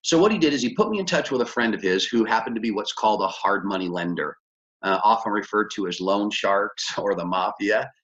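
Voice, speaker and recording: A man's voice: animated, fairly quick, a bit bright, highs cut off. A man coaching business owners, telling a story in a conversational way and acting out the dialogue. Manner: conversational, acts out dialogue with big pitch jumps. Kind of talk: motivational storytelling lecture.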